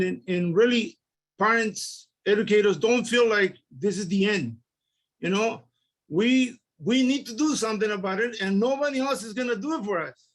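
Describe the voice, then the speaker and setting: A man on a community council giving earnest, halting reflective remarks at a public meeting, often repeating words. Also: high-pitched, a bit bright. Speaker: council member.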